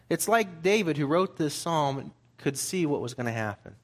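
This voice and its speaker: A man's voice: a little high, animated, moderate pace, few pauses. A man preaching a sermon, reading scripture aloud and explaining it in plain, conversational terms.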